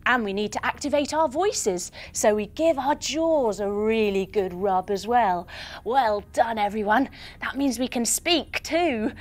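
A young woman leading a storytelling yoga class for children, playful and encouraging, with gasps and sound effects. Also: fairly high pitch. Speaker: kids yoga teacher.

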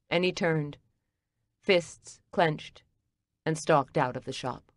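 Low, slow woman narrating a novel. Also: no room sound. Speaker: audiobook narrator. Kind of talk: first-person audiobook narration.

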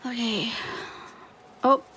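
A woman vlogger chatting casually through an unboxing, gushing and excitable with frequent laughs. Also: fairly high pitch, drawn-out words, noisy background.

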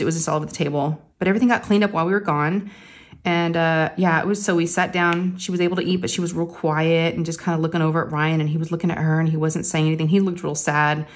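Animated woman telling a story. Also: fairly low pitch. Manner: animated, acts out her own lines. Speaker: crafting channel host. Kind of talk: casual storytelling.

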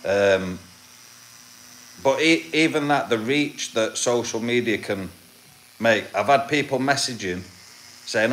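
A man's voice: lowish voice, measured pace, fairly bright tone, a little hiss or hum. A man, a tattoo artist hosting his video, chatting casually and greeting viewers. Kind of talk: casual chat.

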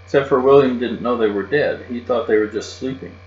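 A man reading a children's chapter book aloud, expressive and lively in a child's first-person voice. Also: medium pitch, brisk. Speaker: reader. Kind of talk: storybook read-aloud. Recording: muffled, roomy recording with mains hum.

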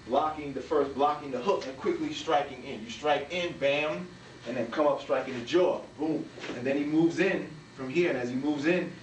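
A man teaching a martial arts technique, walking through each move and punctuating the strikes with sharp sound words. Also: a little hiss or hum. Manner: talks while demonstrating moves, punctuated with "bam" and "boom". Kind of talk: demonstration walkthrough. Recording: echoey room, from a distance.

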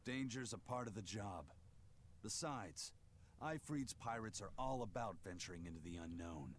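A man voicing a bold pirate crewman who speaks in a steady, matter-of-fact way in game dialogue. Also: lowish voice, normal speed, a little hiss or hum, close to an everyday voice.

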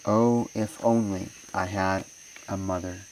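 A man's voice: low voice, steady tone, slow, darkish tone, distant mic, rough recording. A man reading a grieving orphan boy. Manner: sobbing, pleading.

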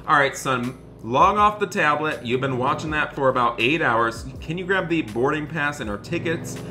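A man playing a dad in an animated game roleplay, excitable and often scolding his son. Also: fairly high pitch, moderate pace, faint music behind.

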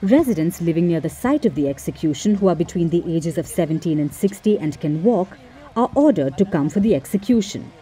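A woman reading a scripted news report in a measured, formal way. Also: lowish voice, animated, warm tone, slightly rough. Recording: news clip with faint music.

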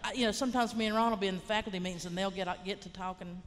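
A woman in her fifties, a writer and college teacher from Appalachian western North Carolina, tells rambling, frank stories on a panel in a large lecture hall. Her Southern Appalachian voice is mid-range, fairly even and racing, with slight background noise. She's plainspoken and swears mildly.

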